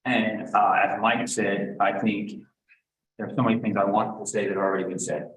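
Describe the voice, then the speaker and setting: A man's voice: on the low side, little pitch movement, normal speed, fairly bright tone. Angry guy sounding off at a town meeting, roomy echo, mic way off. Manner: indignant, accusing. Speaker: public commenter. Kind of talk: public comment at a town meeting. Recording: echoey room, distant mic.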